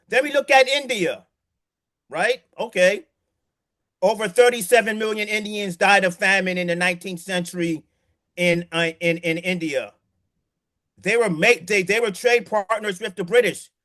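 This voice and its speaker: A man's voice: sits high, sharp tone. A man giving casual, emphatic commentary, repeating words as he restarts and asking rhetorical questions. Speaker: political commentator.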